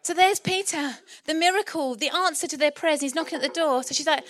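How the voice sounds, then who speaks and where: A woman's voice: sits high, brisk, fairly bright tone. A middle-aged woman from England preaching a sermon as pastor, impassioned and rousing, acting out the voices in her story.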